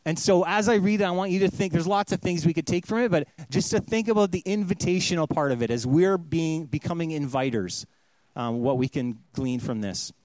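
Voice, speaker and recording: Middle-aged male pastor, relaxed sermon delivery, slightly high voice, dry close sound. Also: brisk, dry recording, poor audio. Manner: conversational, acts out quoted voices.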